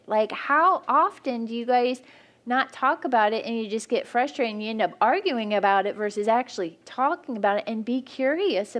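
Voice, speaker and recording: A woman speaking frankly and practically at a church marriage workshop, teaching couples. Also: medium pitch.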